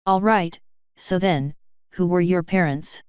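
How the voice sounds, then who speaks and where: A woman's voice: on the low side, slow pace, darkish tone, clear, resonant tone, no echo. A woman voicing a friendly, curious young female pony mechanic who asks eager questions; dull lo-fi recording.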